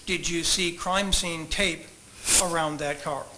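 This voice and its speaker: A man examining a witness in a courtroom, asking measured, polite, leading questions. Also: fairly high pitch, steady tone, bright, forceful tone, a little hiss or hum, low-quality recording. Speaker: trial attorney questioning a witness.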